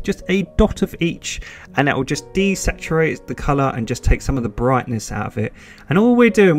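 A British man giving a step-by-step painting tutorial, chatty and encouraging, with reassurances he repeats often. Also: fairly high pitch.

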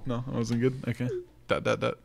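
A man's voice: medium pitch, little pitch movement, brisk, vocal fry, music in the background. A man giving casual gameplay commentary as host, full of joking, sarcastic asides, recorded at home. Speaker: let's play host.

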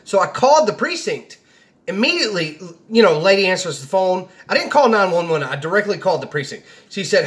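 A man's voice: high voice, sing-song, fairly quick, sharp tone. A young man casually telling a personal story, rambling and quoting people as he goes. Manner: rambling, restarts, quotes people in his own voice.

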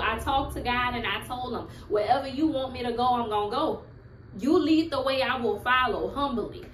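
A woman's voice: on the high side, fairly bright tone, echoey room, slight background noise, rough recording. A woman in her thirties filming a personal vlog at home, speaking in an earnest, heartfelt, faith-filled way. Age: 30s. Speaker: vlogger.

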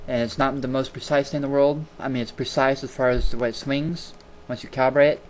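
Quick-paced and steady in tone, a mid-range male voice guides a casual screen-recording tutorial from a home computer via a desktop mic. The host is chatty and wandering, leaning on repeated words for emphasis, and a little hiss or hum is audible.

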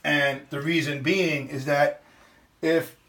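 A man's voice: a little high, steady tone, slow pace, a bit bright. A middle-aged man, talking in a casual, ranting monologue. He is blunt and profane and keeps restarting his sentences. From New York. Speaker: vlogger.

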